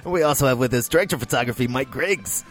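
A man's voice: medium pitch, very fast, faint music behind. A man hosting a podcast, chatting casually, laughing and exclaiming as he talks. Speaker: podcast host, film editor. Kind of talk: casual chat.

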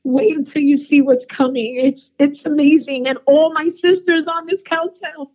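A woman's voice: high voice, steady tone, moderate pace, a little mellow, dull audio. Emotional, tearful woman calling in. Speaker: singer calling in. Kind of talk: phone call-in interview. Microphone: phone.

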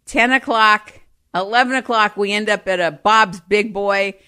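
Woman, comic storyteller, animated, exaggerated delivery, laughs through lines, average pitch. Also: measured pace, smooth.

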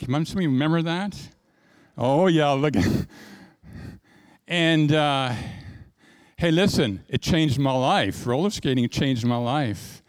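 A man's voice: a little high, fairly bright tone, no echo, clean studio sound. A middle-aged male pastor preaching a sermon in a folksy, conversational way, repeating words and talking straight to the congregation.

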